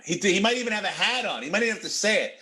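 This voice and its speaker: A man's voice: high voice, expressive, racing, bright, forceful tone, slight background noise. A man, a comedian guest on a video call, riffing and teasing in casual banter.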